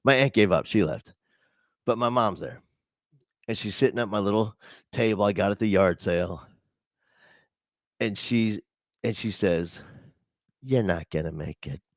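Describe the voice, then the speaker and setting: A man giving a storytelling keynote to teachers, animated and self-mocking, laughing often and jumping high in pitch when he quotes people. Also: measured pace, long pauses, no echo, clean studio sound. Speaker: conference speaker for teachers. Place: online conference session.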